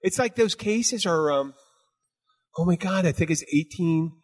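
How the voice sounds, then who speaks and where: A man's voice: on the high side, a little slow. Blunt, emphatic man hosting a bar podcast. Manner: emphatic, blunt, profane, repeats "you know what". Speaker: bartender podcast host. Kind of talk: casual chat.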